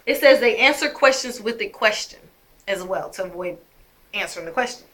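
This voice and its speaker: Woman vlogger with a bright, pointed voice, addressing her viewers emphatically and with indignation. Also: mid-range voice, expressive, a little fast, a little hiss or hum. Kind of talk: personal storytelling to camera.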